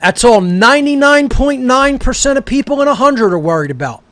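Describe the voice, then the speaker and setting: A man with a notably high voice rants angrily as a talk show host, swearing freely and berating his audience. His delivery is heated and confrontational. The sound is close and dry, with no room around it. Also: expressive, fairly quick, fairly bright tone, no room sound. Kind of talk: angry ranting monologue.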